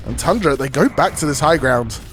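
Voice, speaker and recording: A young man, casting a live esports match solo, racing through rapid play-by-play that builds to shouting at big fights, with chatty asides to his stream chat. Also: on the high side, expressive, soft background music. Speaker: esports caster. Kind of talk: solo live game commentary.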